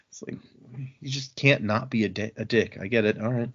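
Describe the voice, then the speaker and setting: A man's voice: lowish voice, moderate pace. A man hosting a casual podcast chat, retelling scenes from a novel and acting out what the characters say. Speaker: podcast host. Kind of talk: casual book-discussion chat. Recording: dull lo-fi audio.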